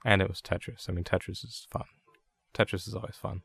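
A man's voice: deep voice, steady tone, fairly quick, creaky, very noisy. A man hosting a casual podcast, talking in loose run-on sentences and swearing casually. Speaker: podcast host. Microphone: podcast microphone.

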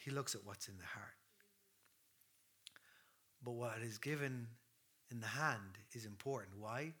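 A man in his thirties preaching a sermon with passion, swinging from loud declarations to hushed near-whispers. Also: mid-range voice, measured pace.

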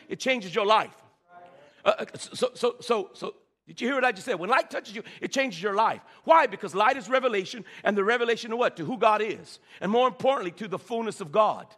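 Male pastor, high, sharp, animated preaching voice, stammering repeats, recorded in a church with a long echo. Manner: preaching with frequent stammered repeats and call-and-response. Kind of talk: sermon. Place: church sanctuary. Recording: reverberant church hall.

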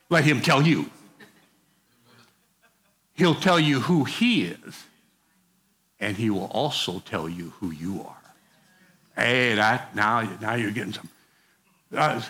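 A man's voice: medium pitch, very animated, slow, long pauses, bright, forceful tone. A middle-aged male pastor preaching a sermon in a folksy, conversational way, with casual asides to the congregation.

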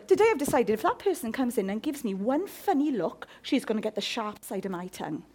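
A woman's voice: a little high, quick pace, few pauses. A woman preaching a humorous sermon, often asking her listeners questions. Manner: animated, humorous, asks the audience questions.

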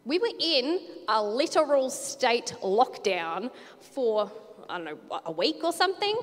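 A woman's voice: on the high side, lively intonation, a little slow, in a large hall. A young woman giving her first sermon, chatty and personal, a little nervous. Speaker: preacher.

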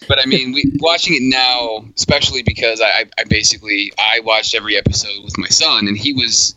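A man's voice: medium pitch, a little fast, hardly any pauses, sharp tone, no echo, lo-fi sound. A man co-hosting a casual podcast, earnest and stammering at the start of his thoughts. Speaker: podcast co-host.

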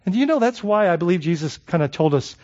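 A man's voice: sits high, lively intonation, quick pace, a little mellow. A male pastor preaching a sermon in a conversational way, asking the congregation rhetorical questions and often repeating words as he searches for phrasing. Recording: dull lo-fi recording.

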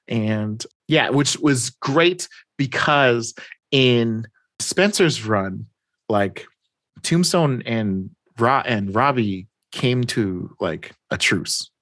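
A man's voice: medium pitch, fairly bright tone, dry recording. A man casually recapping a comic story, acting out the characters' lines and laughing often. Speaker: podcast host recapping comics. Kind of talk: casual chat.

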